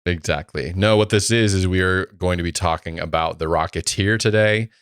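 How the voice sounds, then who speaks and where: A man's voice: low-pitched, moderate pace, a bit bright, clear, resonant tone, no echo. A man co-hosting a podcast in casual chat, with dry, wry humor. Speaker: guest co-host.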